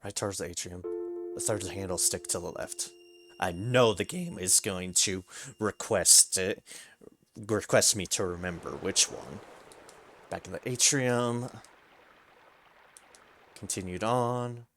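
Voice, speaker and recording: Deep-voiced man streaming a game. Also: takes it slowly, long pauses. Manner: narrates game text, muttering reminders to himself. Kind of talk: reading a game aloud.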